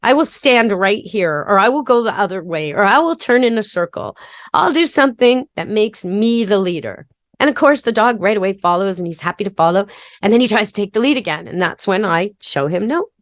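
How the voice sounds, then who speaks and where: A woman's voice: medium pitch, lively intonation, fairly quick, dry recording. A woman pet expert hosting a podcast, giving practical, step-by-step training advice in a chatty, casual way. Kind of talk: casual instructional talk.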